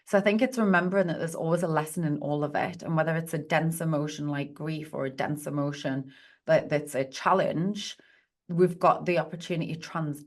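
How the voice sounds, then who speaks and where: On a podcast where she's a guest, a low-voiced woman talks a bit quickly. Her manner as a positive psychologist is earnest and uplifting, like a coach encouraging a client.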